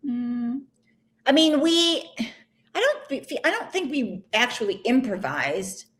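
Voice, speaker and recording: A woman's voice: on the high side, big pitch swings, unhurried, a bit bright. Easygoing woman with a Chicago accent. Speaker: stage actress, guest. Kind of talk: casual chat.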